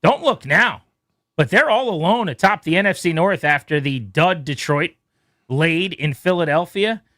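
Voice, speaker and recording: A man hosting a sports radio show, rattling off quick game recaps with playful asides. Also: on the high side, lively intonation, fairly bright tone, no room sound, studio quality. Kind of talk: brisk scores recap.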